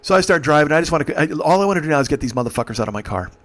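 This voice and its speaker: A man in his forties telling a comic story, animated and full of profanity. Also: fairly high pitch. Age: 40s. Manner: profane, animated, fast-talking. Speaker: comedian and podcast host.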